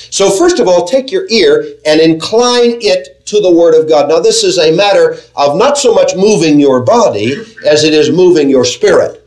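A man preaching a sermon to a congregation, earnest and measured, asking them questions as he teaches. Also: high-pitched, expressive, a little mellow, low-quality recording. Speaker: pastor.

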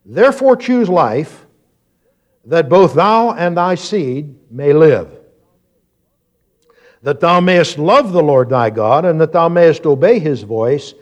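A man preaching a sermon, moving from quiet, reflective explanation to loud, emphatic scripture reading and questions to his congregation. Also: fairly high pitch, expressive, slow, long pauses. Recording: dull lo-fi sound.

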